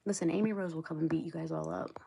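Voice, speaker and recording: A woman's voice: sits low, huge pitch swings, fast, vocal fry, dark tone, breathy edge. A middle-aged woman from Ohio hosting a casual livestream, rambling and chatting back to viewers' comments. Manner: chatty, rambling, laughs often, talks back to the chat. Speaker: livestream host.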